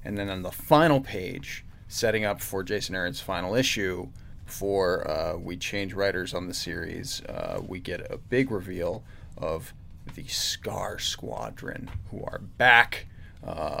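A man's voice: sits low, creaky, bright, forceful tone. A man co-hosting a podcast, recapping a comic plot in casual chat with frequent filler words. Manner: recapping plots with many "uh" fillers. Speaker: podcast co-host.

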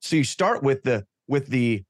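A man's voice: medium pitch, expressive, unhurried, no echo, studio quality. A man, a guest on a talk show, speaking earnestly and emphatically about his faith. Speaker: guest, Catholic convert.

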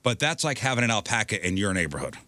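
A man's voice: fairly low pitch, big pitch swings, fast, pushed and bright. A man co-hosting a casual podcast chat, telling stories with frequent laughs. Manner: storytelling, laughs often. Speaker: podcast co-host.

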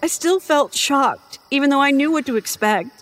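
A woman narrating a first-person horror story in an expressive, measured storytelling manner. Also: sits high, a little hiss or hum.

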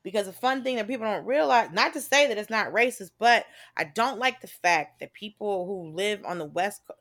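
Animated Southern woman comedian. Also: mid-range voice, brisk. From American South. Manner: animated, emphatic, swears freely, lively quoted voices. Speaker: comedian guest. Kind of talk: casual podcast chat, animated storytelling.

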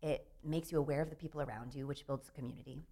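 A woman's voice: extremely low pitch, fairly even intonation, fast talker, dark tone. A woman, a playwright, chatting animatedly in an interview, laughing and restarting her sentences. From Southern United States. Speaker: playwright guest. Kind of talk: casual interview chat.

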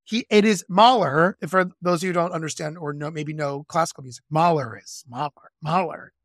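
An enthusiastic podcast co-host who teaches music, chatting about a film and rushing through asides. The delivery is gushing and animated. The recording is dry and close, with no room sound. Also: mid-range voice, no room sound. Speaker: music educator and conductor. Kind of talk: casual film discussion.

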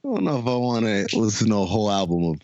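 A man's voice: on the low side, fast, no echo, highs cut off. A man hosting a casual podcast chat, retelling a TV episode with jokes and laughter. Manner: animated, laughing, jokey storytelling. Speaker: podcast host.

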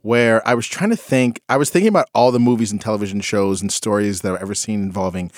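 A man in casual conversation, musing reflectively and recounting a story about his kids, getting animated when he quotes them. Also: fairly low pitch, fast talker, no echo, clean studio sound. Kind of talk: casual chat.

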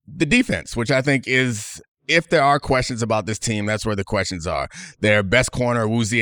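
A man with a fairly low voice hosts a sports podcast and talks in a relaxed, easygoing way. His voice is recorded dry and close. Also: clean tone, no room sound. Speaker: podcast host. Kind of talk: casual podcast chat.

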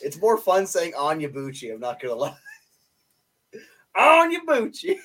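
A man's voice: on the high side, animated, fairly quick. A young man co-hosting a podcast in casual chat, joking around and laughing often. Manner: playful, laughs often, jokey. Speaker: podcast co-host.

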